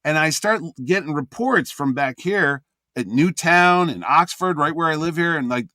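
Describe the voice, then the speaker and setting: A man from Connecticut chats on a comics podcast and tells convention stories with animation, putting on the voices of the people who phoned him. His voice sits a little high and sounds dry and close to the mic. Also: normal speed, no room sound. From Connecticut, USA. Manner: animated storyteller, acts out phone calls. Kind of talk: casual podcast chat.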